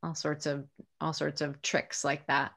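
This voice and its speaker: A woman's voice: low-pitched, little pitch movement, unhurried, gravelly, a bit bright. A middle-aged American woman, a voice actress, answering interview questions in a chatty, reflective way with plenty of fillers and restarts. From United States.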